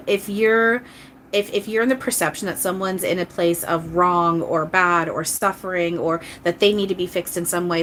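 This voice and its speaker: A woman channeler giving live readings chats casually on a stream, earnest and rambling, restarting often and apologizing to viewers frequently. Her voice is on the low side and a bit bright, with a little hiss or hum.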